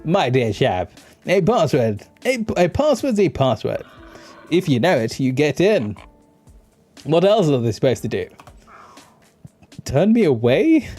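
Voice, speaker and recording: A man's voice: on the high side, very animated, a little slow, long pauses, dark tone, faint music behind. A man voicing a pompous, condescending male bookseller, drawling his lines in a video game playthrough. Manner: pompous, drawling "my dear chap".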